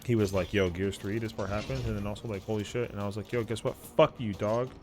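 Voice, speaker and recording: A man's voice: fairly low pitch, fast talker, music in the background. A man streaming a game, telling a casual story in slangy, profane talk and acting out what friends said. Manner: animated, slangy, profane, acts out quotes. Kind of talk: casual storytelling while gaming.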